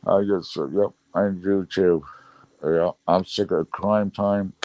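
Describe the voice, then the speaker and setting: Male streamer, very deep voice, dry close sound, rambling and irritated casual chat. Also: steady tone, slow pace, dark tone, no room sound. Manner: rambling, frustrated, many fillers. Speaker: livestream host. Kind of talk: casual live chat reading viewer comments.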